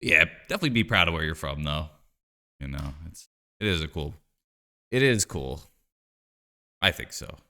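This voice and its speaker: A man's voice: extremely low pitch, sing-song, normal speed, pauses often, sharp tone. A man streaming live, chatting casually and joking while he plays a card game, rambling with lots of "like" and "you know".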